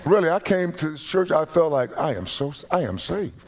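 A man preaching a sermon from the pulpit, his voice sitting a little high for a man. He talks in a conversational way, then swells into loud, emphatic calls to the congregation. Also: very animated, normal speed. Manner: preaching with rising emphatic bursts. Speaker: pastor. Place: church sanctuary.

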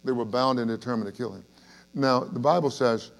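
A man preaching an evening Bible study with a gravelly, creaky voice at an ordinary pitch. He speaks earnestly and emphatically, asks his listeners questions, and often restarts his sentences. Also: fairly quick. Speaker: pastor.

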